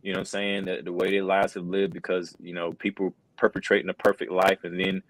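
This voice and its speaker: Middle-aged male interview guest, very deep voice, earnest and casual, lots of "bro". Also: flat delivery, brisk, dry recording, low-quality recording. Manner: earnest, says "bro" and "man" a lot, many restarts. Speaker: wrestling commentator, interview guest. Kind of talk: casual conversational storytelling.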